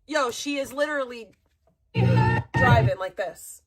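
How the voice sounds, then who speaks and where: A woman's voice: fairly high pitch, lively intonation, a little slow, over loud music. Sarcastic young woman heckling on stream. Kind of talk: mocking livestream commentary.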